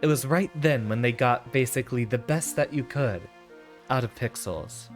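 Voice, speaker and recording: A man's voice: medium pitch, normal speed, faint music behind. A man streaming a game, chatting playfully in casual commentary asides.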